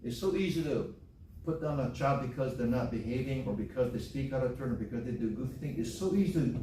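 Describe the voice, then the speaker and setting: A man from Hawaii preaches a sermon in a church sanctuary, speaking a little fast in a medium-pitched voice with music in the background. His style is folksy, and he repeats phrases for emphasis. The recording is made from far off in an echoey church hall.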